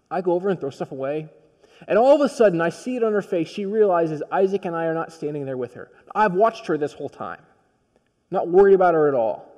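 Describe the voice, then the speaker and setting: A male pastor preaching a sermon, telling a story in a personal, conversational way that swings from quiet to emphatic. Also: high voice, big-room sound.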